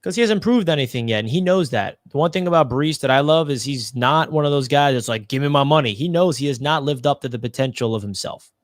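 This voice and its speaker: A man's voice: mid-range voice, animated, fairly quick, no echo. Emphatic man talking football, dry mic. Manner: confident, emphatic analysis. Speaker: Jets fan panelist. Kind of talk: casual podcast discussion.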